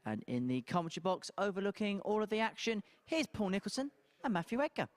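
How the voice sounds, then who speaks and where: A male presenter introducing a live darts match in a quiet, half-whispered voice because the players are on stage. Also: high-pitched, sing-song, fast talker, no echo. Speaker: studio presenter.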